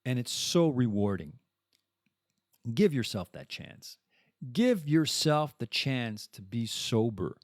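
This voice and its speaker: Blunt, animated French-speaking man. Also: mid-range voice, takes it slowly, no room sound, clean studio sound. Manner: blunt, swears freely, emphatic. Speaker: podcast host. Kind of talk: candid personal monologue.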